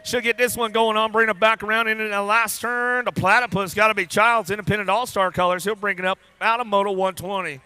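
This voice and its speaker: A man doing live race commentary at a BMX track, rattling off rider names in a rapid-fire, playful way and joking with riders and crew. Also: high voice, steady tone, pushed and bright, clear, resonant tone, no echo. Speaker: race announcer.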